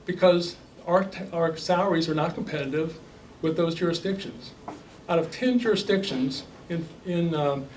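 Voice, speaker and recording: A man speaking at a public debate, laying out figures in a measured way with frequent restarts. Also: on the high side. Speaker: debate panelist. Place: realty office meeting room. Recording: distant mic with faint noise.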